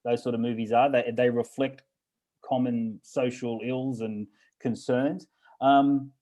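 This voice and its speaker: An older man, a film festival director, speaking as a guest in a thoughtful, measured way with small fillers. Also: medium pitch, level tone, warm tone, poor audio. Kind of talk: casual interview chat.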